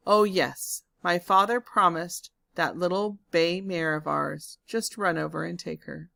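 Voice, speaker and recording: A woman's voice: lowish voice, a little slow, vocal fry, a bit bright, dry recording, clean studio sound, full character voice. A woman reading a storybook aloud, voicing a clever young woman who speaks slyly and unhurriedly.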